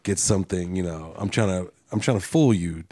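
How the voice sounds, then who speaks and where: A man with a very deep voice chats as a guest at a roundtable. He is laid-back and jokes often. The recording is dry and close. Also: fairly quick, dark tone, no echo. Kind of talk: casual roundtable discussion.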